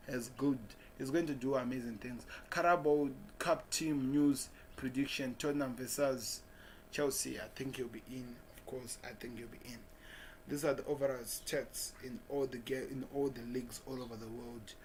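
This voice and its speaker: A man reads transfer headlines aloud in a casual chat, stumbling over names and muttering asides to himself. His voice sits at an ordinary pitch for a man. A faint hiss runs under the recording. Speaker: football channel host.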